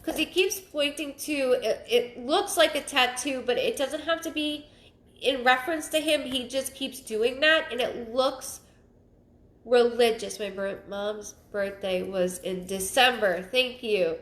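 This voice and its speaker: A woman giving a live psychic reading, thinking aloud in halting, repeated phrases and sounding stuffed up. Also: on the high side, fairly bright tone. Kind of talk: livestream reading. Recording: roomy echo.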